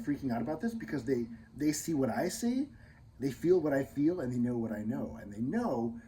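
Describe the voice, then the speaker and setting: The poor audio, with a bit of hiss or hum, carries a medium-pitched man hosting his channel. He rambles loosely, filling gaps with fillers and restarts, and shifts between loud speech and muttered asides.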